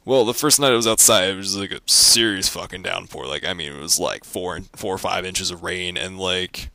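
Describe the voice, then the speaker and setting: A young man ranting casually about his life as a vlogger, rambling with lots of fillers and deadpan jokes. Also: sits low, a little fast, creaky, dry recording.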